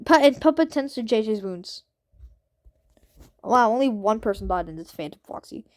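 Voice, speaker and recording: A young woman reading out simulated game results and reacting in casual slang with excited, incredulous outbursts. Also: on the high side, normal speed, dry recording, clean studio sound. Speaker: gaming commentator.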